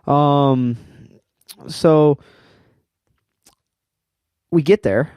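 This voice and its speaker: A man's voice: on the high side, very slow, darkish tone, smooth, dry recording. Young guy rambling through a story on a podcast, lots of "like", dry mic. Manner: rambling storyteller, heavy use of "like". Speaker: podcast co-host. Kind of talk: casual chat.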